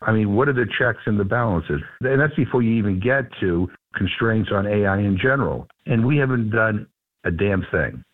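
A man's voice: on the low side, animated, moderate pace. A congressman as a radio guest, talking earnestly and emphatically with many restarts, heard over the phone. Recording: tinny phone line.

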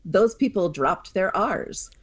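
A woman's voice: mid-range voice, animated, slow. A woman from Pittsburgh, a guest language expert who explains carefully and laughs easily on a radio talk show. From Pittsburgh, USA.

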